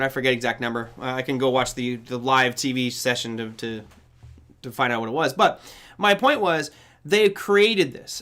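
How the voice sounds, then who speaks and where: A man's voice: fairly high pitch, fairly bright tone. A man hosting a live trading show, giving rambling market commentary, correcting himself often and acting out the voices he quotes.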